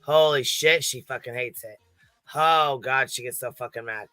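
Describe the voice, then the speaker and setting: Gossipy male stream host, bright crisp voice, dry close sound, laughs and swears a lot. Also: mid-range voice, moderate pace, no room sound. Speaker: livestream panel host. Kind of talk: casual profane commentary.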